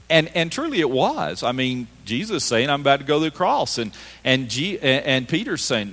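Dynamic preacher in a reverberant sanctuary. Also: male voice, a little high, very animated, normal speed, hardly any pauses. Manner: emphatic, swinging between loud and hushed. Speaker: pastor. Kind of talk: sermon. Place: church sanctuary.

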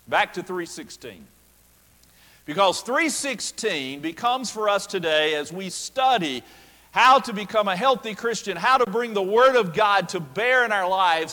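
A male pastor preaching a sermon, slowing down to stress quoted verses. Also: high voice, sharp tone. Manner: emphatic preaching with slow stressed quotations. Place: church sanctuary. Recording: long reverb of a church hall.

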